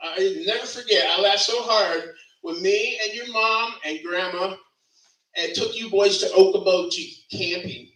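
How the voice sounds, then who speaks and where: High bright-voiced man telling funeral stories. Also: unhurried. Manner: rambling, laughing through stories, self-correcting. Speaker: eulogy speaker. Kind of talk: funeral eulogy storytelling. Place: funeral service venue. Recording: echoey room, distant mic.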